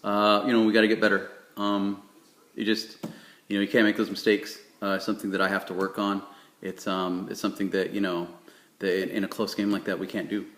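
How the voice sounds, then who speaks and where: A man's voice: fairly low pitch, flat delivery, a little hiss or hum, natural voice. A man doing a mumbling, defeated quarterback. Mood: dejected. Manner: quiet, halting, filler-heavy. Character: dejected male quarterback mumbling post-loss excuses. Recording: echoey room.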